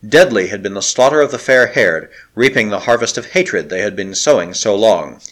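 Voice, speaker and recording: A man narrating a novel aloud in a dramatic, expressive storytelling manner. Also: lowish voice, moderate pace. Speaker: audiobook narrator.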